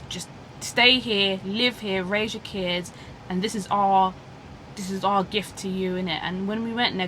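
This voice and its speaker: A woman telling a lively story as a guest in a taxi, acting out the voices of the people she met. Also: medium pitch, noisy background. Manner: animated, acts out quoted voices, says "innit". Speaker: guest passenger. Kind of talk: casual storytelling chat. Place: inside a taxi.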